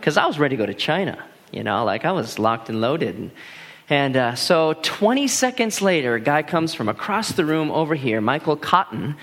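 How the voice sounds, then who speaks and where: A man in his thirties, a pastor telling personal stories in a lively, animated sermon full of restarts. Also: a little high, normal speed. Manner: animated, laughing storyteller with many restarts. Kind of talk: storytelling sermon.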